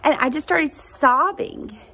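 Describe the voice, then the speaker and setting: A woman's voice: high voice, takes it slowly, pushed and bright. Earnest woman sharing a personal story. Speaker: podcast host; mother. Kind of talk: personal faith testimony.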